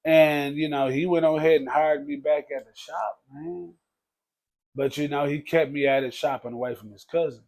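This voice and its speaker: A man telling his life story in a casual podcast conversation, talking loosely and dropping low to quote others. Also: steady tone, normal speed, gravelly, darkish tone. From Texas. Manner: conversational, peppers speech with "man" and "bro", drops low for quoted speech. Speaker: podcast guest.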